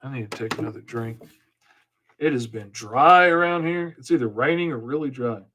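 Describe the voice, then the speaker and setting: A man's voice: medium pitch, normal speed, fairly bright tone, slight background noise. A man hosting a live comic-inking lesson, chatting casually and rambling in a self-deprecating way while he works and answers viewers. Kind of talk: casual live-stream chat while working.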